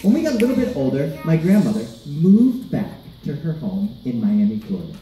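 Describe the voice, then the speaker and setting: Brief: animated male storyteller for kids, dark mellow voice, echoey room, faint noise. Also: fairly high pitch, fairly quick. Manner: animated, asks the audience questions. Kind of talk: live storytelling to children. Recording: roomy, distant mic, light background noise.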